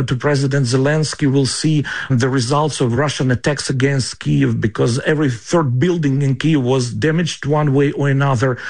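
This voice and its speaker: A man's voice: a little high, a little mellow. A man from Ukraine, a politician answering questions in a news interview, speaking English as a with frequent fillers and restarts. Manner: halting, with many fillers and restarts.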